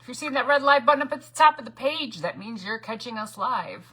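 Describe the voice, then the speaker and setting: A woman hosting a casual crafting livestream from her home craft room, rambling and greeting viewers by name, with hushed asides. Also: fairly high pitch, expressive, fairly quick, husky. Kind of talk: casual live crafting chat.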